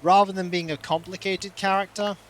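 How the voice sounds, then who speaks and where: A streamer casually commenting on gameplay, playful, with quiet asides. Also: mid-range voice, fairly quick, a little hiss or hum. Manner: playful, animated, drops to soft asides.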